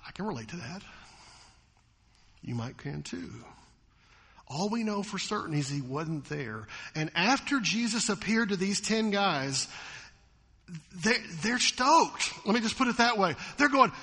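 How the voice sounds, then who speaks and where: A man's voice: high-pitched, measured pace, pauses often, long reverb tail. A man preaching a sermon to his congregation in a church, questioning them and acting out voices. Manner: animated, acts out quoted voices, asks the congregation questions. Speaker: pastor. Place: church sanctuary.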